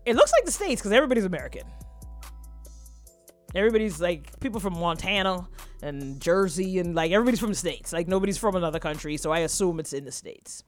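A woman's voice: on the low side, animated, fast, soft background music. A woman co-hosting a casual live morning show, chatty and gushing, often laughing. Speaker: co-host.

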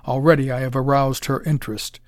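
A man's voice: mid-range voice, fairly quick, no echo, studio quality, close to an everyday voice. A man reading a suave, menacing mad-scientist villain. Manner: smooth, calm, condescending.

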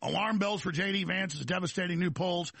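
A man with a high, heavily gravelly voice holds forth as a talk show host in a rambling political monologue. His tone is bright and forceful, with a husky edge, and it sits dry and close to the mic. He stumbles over restarts and repeats words as he drives each point home. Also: a little fast, no room sound.

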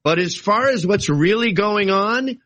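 A man arguing his side in a heated political debate, animated and argumentative, swinging between casual asides and sudden exclamations. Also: high voice, a little slow, no room sound. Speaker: political guest.

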